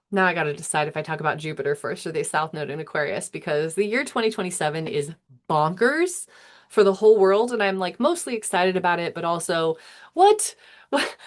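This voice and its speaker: A woman in her thirties, an astrologer musing aloud in a meandering, self-interrupting way with chuckles. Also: lowish voice. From United States. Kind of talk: casual musing monologue.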